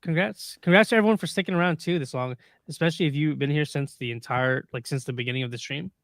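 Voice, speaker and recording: A man's voice: fairly high pitch, fast, fairly bright tone, no echo, studio quality. A man co-hosting a casual livestream podcast, laughing often and running down a list of upcoming sky events. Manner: laughs often, reads through a list of dates. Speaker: podcast co-host.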